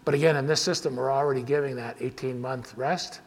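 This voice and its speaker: Farmer at a podium, loose and rambling, mid-pitched, hall echo. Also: male voice, fairly even intonation, a little fast. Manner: casual, rambling, frequent restarts. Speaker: farmer giving a talk. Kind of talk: conference presentation with audience Q&A. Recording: hall reverb.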